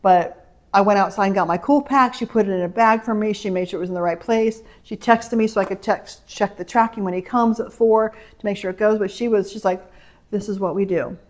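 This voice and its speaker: A woman's voice: mid-range voice, a little mellow. Chatty middle-aged woman vlogger. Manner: chatty, rambling storytelling with laughs. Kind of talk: casual haul vlog chat. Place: home. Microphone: camera mic.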